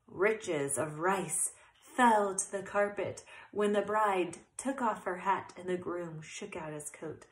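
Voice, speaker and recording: A woman narrating a children's storybook. Her voice is bright and clear, and her pitch moves a lot as she reads with expression. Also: rough recording. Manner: expressive, occasional self-corrections. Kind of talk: storybook read-aloud.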